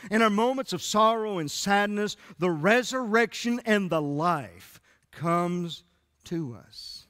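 A man preaching a sermon as pastor, with emphatic rising peaks and drawn-out soft endings, streamed from a church sanctuary. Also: high voice, lively intonation. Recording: church live stream with long hall reverb.

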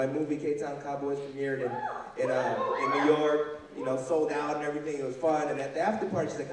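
A young man from the West Coast doing a loud, animated stand-up comedy set, acting out both sides of his stories in a large hall. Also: on the high side, quick pace. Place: large hall with live audience. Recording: echoey hall from far off, loud crowd noise.

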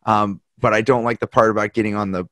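With a lowish voice and a quick pace, a podcast host tells stories in casual conversation, acting out quoted people with gusto. His podcast mic delivers clean studio sound with no room noise.

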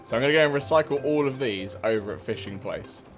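A man's voice: mid-range voice, fast talker, over music. A young man giving cheeky, swear-filled gameplay commentary and mocking other players. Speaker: gaming streamer.

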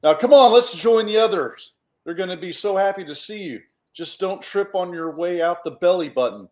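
A boastful chicken-headed monster guy, as a man puts him on for a storybook read-aloud. He brags in a showy way, his voice pitched up and loud. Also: animated, normal speed. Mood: eager. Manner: bragging, showy.

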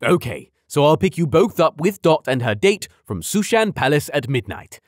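A man voicing a loud, exuberant middle-aged father with a booming, effusive manner, raised well above his own voice. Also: big pitch swings, normal speed, no echo, clean studio sound. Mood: eager.

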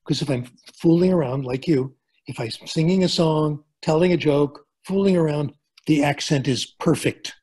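A man's voice: fairly high pitch, normal speed, dark tone, breathy edge. An older man from the United States giving a webinar lecture as a linguistics professor, chatty, with joking asides and plain examples, on a video call. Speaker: guest speaker, linguistics professor. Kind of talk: webinar lecture answering questions.

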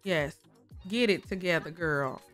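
A woman's voice: fairly low pitch, a little slow, fairly bright tone, soft background music. A woman giving casual, chatty commentary while playing a life-sim game, often talking to the characters on screen. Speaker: gaming creator. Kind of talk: casual let's-play commentary.

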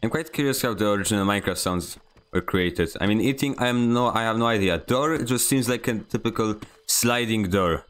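A man from Poland chats with viewers during a game stream, his Polish accent coming through as he rambles and jokes at his own expense. He speaks briskly in a lowish voice that's fairly bright, clear, and resonant.

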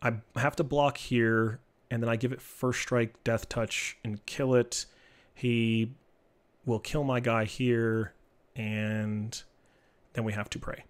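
A man casually commenting on his live-streamed card game, joking and teasing in an animated way. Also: mid-range voice, takes it slowly, smooth. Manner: animated, joking, trash-talking.

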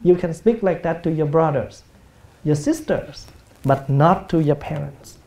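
A man with a Vietnamese accent, a Buddhist monk giving a gentle, humorous dharma talk in a meditation hall. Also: on the high side, measured pace. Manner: gentle, humorous, acts out everyday speech. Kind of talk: sermon.

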